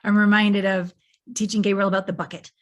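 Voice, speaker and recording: A woman's voice: mid-range voice, flat delivery, brisk. A woman hosting a podcast in casual conversation, talking reflectively and humming "mm" in agreement. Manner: reflective, lots of soft "mm" agreement. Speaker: podcast host.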